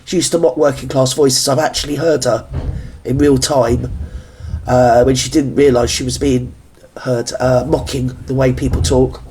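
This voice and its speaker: A man's voice: mid-range voice, level tone, moderate pace, darkish tone, a little hiss or hum. A man from Britain hosting a reaction video, delivering a blunt, indignant rant full of earthy working-class slang.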